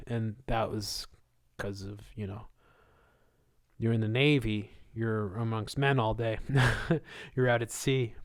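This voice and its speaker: Male livestream host, mid-range voice, casual conspiratorial rambler who laughs a lot. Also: mid-range voice. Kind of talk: live Q&A monologue.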